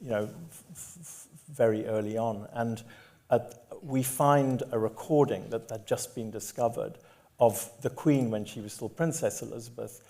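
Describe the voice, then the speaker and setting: A man's voice: mid-range voice, warm tone. Hesitant middle-aged man, author onstage. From Zimbabwe. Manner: hesitant with many restarts when talking, measured when reading aloud. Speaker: author and guest. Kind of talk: onstage conversation and reading from his memoir. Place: onstage at a public talk.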